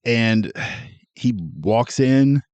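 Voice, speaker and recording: A man's voice: medium pitch, drawn-out words, darkish tone, clean tone, no room sound, dull audio. A man co-hosting a casual film review podcast, laid-back with dry interjections. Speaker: podcast co-host.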